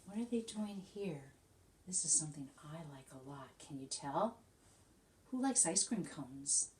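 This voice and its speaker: A woman teacher reading a picture book aloud to young children, animated and coaxing, often asking them questions. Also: low-pitched, measured pace, slight background noise.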